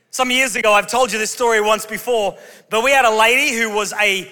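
A man's voice: high-pitched, steady tone, a little fast, bright, forceful tone. A male pastor preaching a sermon to his congregation with humorous storytelling. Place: large church auditorium. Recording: long hall reverb.

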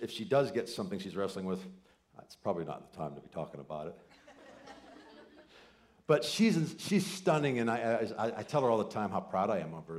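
A man in his forties preaching a sermon, telling family stories with quoted voices and swinging from loud excited bursts to soft, near-whispered lines. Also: sits low. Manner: animated storytelling with quoted voices and asides. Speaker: pastor.

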